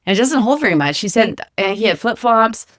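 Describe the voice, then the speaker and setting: Woman rattling off a funny story at the kitchen table, fast, dry sound. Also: on the high side, no echo. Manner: animated storyteller acting out quoted voices. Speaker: podcast co-host, flight attendant. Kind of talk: casual storytelling chat. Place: home kitchen.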